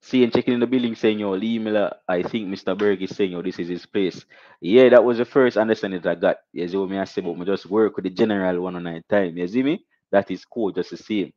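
A young Jamaican man hosting a casual live stream, shouting out viewers and reading donations with animated, repetitive catchphrases. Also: deep voice, fast, no room sound, lo-fi sound.

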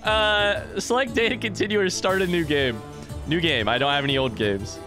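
A man's voice: sits high, normal speed. A young man casually commenting on a game as he plays, chatty and reading on-screen text aloud. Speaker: let's play streamer. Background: game music.

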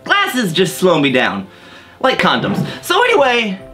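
A man's voice: high-pitched, huge pitch swings, a little slow, sharp tone, faint music behind. A man hosting a comedy history show as a mock expert, rambling and getting tipsy on wine as he goes. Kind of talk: deadpan comedic monologue.

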